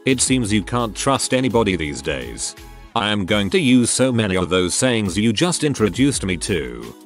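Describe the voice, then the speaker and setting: A man reading reddit stories aloud in an even storytelling manner. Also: lowish voice. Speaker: narrator. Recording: faint background music.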